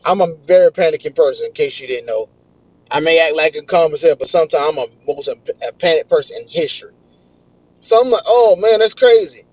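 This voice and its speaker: A young man, excitedly telling a story in casual vlog style. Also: a little high, quick pace, husky. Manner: excitable, animated retelling. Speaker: vlogger. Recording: dull, lo-fi dry recording.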